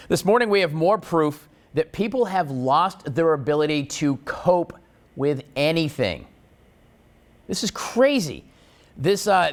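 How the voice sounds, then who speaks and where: A man hosting a morning show, chatting in a jokey, wisecracking way and throwing in puns. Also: on the high side. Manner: punning, wisecracking, animated.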